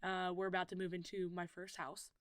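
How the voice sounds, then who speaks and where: A woman's voice: fairly low pitch, little pitch movement, fairly quick, clean tone, no echo. A woman in her twenties chatting casually as a podcast guest, telling a story and acting out quoted lines. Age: 20s. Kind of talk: casual chat. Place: podcast studio.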